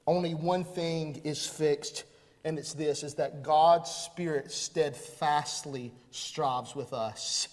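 A man preaching a sermon as pastor, with rhythmic repetition that builds to loud, emphatic peaks. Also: on the high side, fairly even intonation, slow pace. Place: church sanctuary. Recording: long hall reverb.

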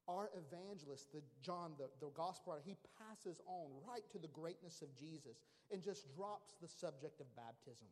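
A man preaching with a fairly high voice, lively and emphatic, then dropping low and quiet for weight. His words ring out in a hall with a long echo. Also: moderate pace, few pauses. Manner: emphatic, animated, drops to a hushed low voice for weight. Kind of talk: sermon.

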